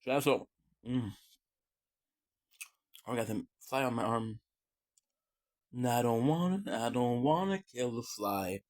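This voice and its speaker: Between frequent pauses, a man with a medium-pitched, somewhat mellow voice talks slowly while eating on a stream. The chat is casual and joking, rambling along with many fillers, eating sounds and murmurs of enjoyment.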